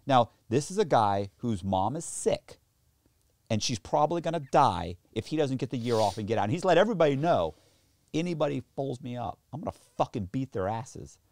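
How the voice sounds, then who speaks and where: Animated, profane man telling a prison story. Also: brisk, vocal fry, no echo. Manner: animated storyteller, profane, mimics other inmates with high squeals and low mutters. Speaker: podcast guest. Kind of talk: storytelling in casual chat.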